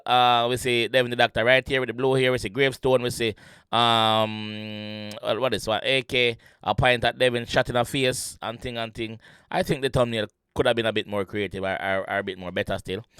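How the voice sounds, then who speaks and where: A man with a Jamaican accent hosting a reaction video, chatting excitedly in patois and restating lyrics with many restarts. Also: medium pitch, fairly quick, clean tone, no room sound, studio quality. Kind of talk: casual commentary.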